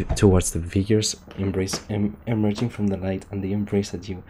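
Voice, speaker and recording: A young man with a very low, deep voice reads game text aloud in a loose, casual way. He trips over words, backs up to fix them, and breaks off to laugh or curse under his breath. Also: little pitch movement, moderate pace, few pauses, warm tone, slight background noise. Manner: stumbles and restarts while reading, laughs and swears often. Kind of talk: casual gameplay commentary, reading text aloud.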